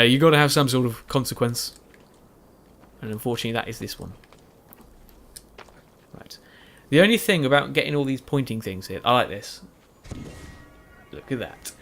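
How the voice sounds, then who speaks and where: A gaming YouTuber, yawning and tired late at night, talks over video game footage in post-recorded commentary that wanders and pokes fun at himself. His mid-range, fairly bright voice is animated and moves at a moderate pace, broken by long pauses. Restarts and fillers come up constantly.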